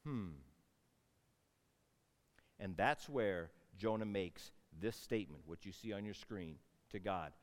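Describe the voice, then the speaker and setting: A man preaching a sermon, telling a Bible story with animated swings between loud outbursts and hushed asides. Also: low voice, slow, long pauses, long reverb tail. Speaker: pastor.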